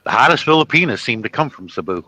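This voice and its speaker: A man from the Chicago area hosts a loose, casual chat. He wanders through long stories, restarting his sentences as he goes. His voice is bright and bouncy, rising and falling a lot. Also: mid-range voice, lively intonation, no echo, poor audio. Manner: rambling storyteller, halting restarts. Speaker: host.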